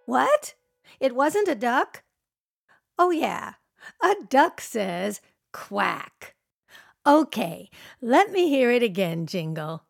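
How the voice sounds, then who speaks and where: A woman's voice: fairly high pitch, sing-song, takes it slowly, gravelly, dry recording, studio quality, faint music behind. Playful woman hosting a kids' radio show. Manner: playful, sing-song, teasing guessing games. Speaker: children's radio show host. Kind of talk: cheerful talk to young children.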